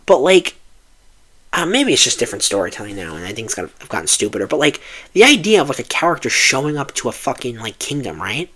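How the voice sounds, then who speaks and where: A man's voice: medium pitch, big pitch swings, fast talker, sharp tone. A man giving a film review as a heated, profane rant, with frequent restarts and exasperated asides.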